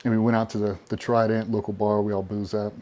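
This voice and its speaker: A man being interviewed, telling animated stories casually with plenty of swearing. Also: on the low side, fast talker. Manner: profane, animated storyteller. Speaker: podcast guest.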